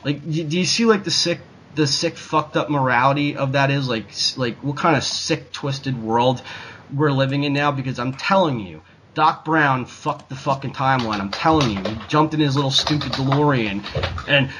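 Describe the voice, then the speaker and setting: A man's voice: medium pitch, moderate pace, fairly bright tone, a little hiss or hum, low-quality recording. A man ranting in a casual talk show, swearing constantly and rambling with lots of fillers. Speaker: podcast co-host. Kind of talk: profane casual rant.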